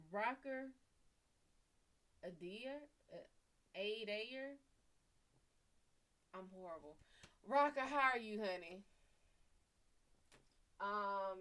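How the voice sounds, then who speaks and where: A woman's voice: mid-range voice, fairly bright tone. A woman giving tarot readings on a live stream. She talks bluntly and casually, swears freely, and reads viewers' names and questions aloud. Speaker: tarot reader.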